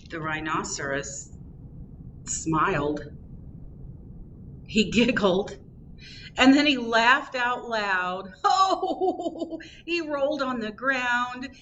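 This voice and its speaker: A woman reads a picture book aloud at children's storytime, unhurried and expressive. Her pace is slow and deliberate, with gentle lifts of animation, and a faint hum of noise sits behind her. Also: a little high, low-quality recording. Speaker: librarian reading at storytime.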